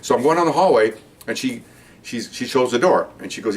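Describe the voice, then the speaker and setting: A man's voice: mid-range voice, animated, fast, distant mic, slight background noise. An older man, a retired police officer, telling a story in a casual, rambling way with many restarts.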